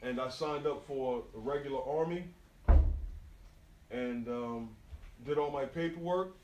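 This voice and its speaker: A middle-aged man, telling stories in a slangy, animated way to a live audience. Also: medium pitch, unhurried, noisy background. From New York. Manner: animated storyteller, slangy, addresses the crowd directly. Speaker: graffiti artist giving a live talk. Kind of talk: storytelling talk to a live audience. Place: event venue, indoors. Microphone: smartphone recording from the audience. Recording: roomy smartphone recording from far off.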